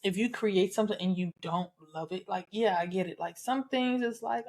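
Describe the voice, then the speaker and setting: A woman's voice: mid-range voice, normal speed, darkish tone. A woman from the American South with a Southern accent, hosting a solo podcast in a candid, chatty way, cussing and laughing freely. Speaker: podcast host. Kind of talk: casual solo podcast talk.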